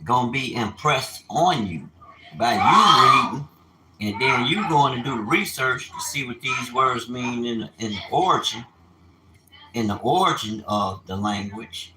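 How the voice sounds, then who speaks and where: A man delivers informal religious teaching that slides into profane rants. His pitch swings widely, and he breaks into sudden shouts. A steady wash of ambient noise sits behind him. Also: measured pace, roomy sound. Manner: animated, profane, bursts of shouting. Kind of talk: informal preaching and ranting. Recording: noisy ambient background.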